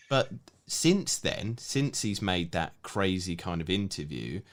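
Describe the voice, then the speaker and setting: A man co-hosting a podcast in casual chat, chatty and quick to laugh. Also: deep voice. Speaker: podcast co-host, football pundit.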